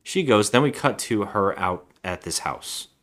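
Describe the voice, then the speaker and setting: Male podcast co-host, lowish voice, rambling casual recap. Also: lively intonation, a little slow, a bit bright. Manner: rambling, acts out lines in voices. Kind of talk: casual movie recap chat.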